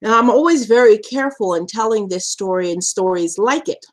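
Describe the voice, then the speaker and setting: On her live stream, a survivor advocate tells a story from her own life with plenty of laughter. She acts out quotes in an animated way, her pitch leaping up and down, then eases off and speaks more gently when things turn serious.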